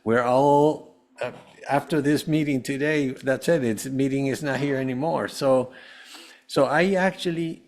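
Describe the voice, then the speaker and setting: A man with an average pitch speaks as a podcast guest, recounting his life in an earnest, rambling manner. He circles back and restarts phrases often. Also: measured pace. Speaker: guest, holistic health coach. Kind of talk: personal storytelling in an interview.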